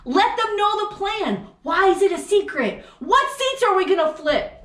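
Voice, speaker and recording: A woman co-host vents in an angry, profane political rant, firing off question after question. Her voice sits very high. The room around her rings with echo. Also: lively intonation, moderate pace, fairly bright tone. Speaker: podcast co-host. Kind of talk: heated political chat. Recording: echoey room.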